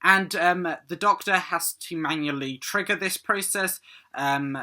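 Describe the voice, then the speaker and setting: Man, fan video host, casual commentary, hesitant with fillers, tense bright tone. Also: high-pitched, unhurried. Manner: hesitant, frequent ums. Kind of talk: casual episode breakdown commentary.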